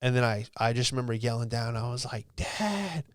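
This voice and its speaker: A podcast host in his late twenties from Virginia speaks in a relaxed, rambling storytelling manner, dropping casual curses and "dude" throughout. His voice is smooth and clear, at an ordinary pitch for a man, recorded close and dry with no room sound. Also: fast talker, no echo. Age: late 20s. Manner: laid-back, swears freely, peppered with "dude" and "like".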